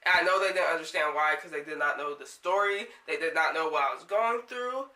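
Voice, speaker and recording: Young woman vlogger, sharp bright tone, shaken rambly delivery, roomy distant sound. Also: deep voice, a little fast. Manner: rambling, filler-heavy, swearing, shaken. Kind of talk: storytelling vlog. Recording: echoey room, set back from mic.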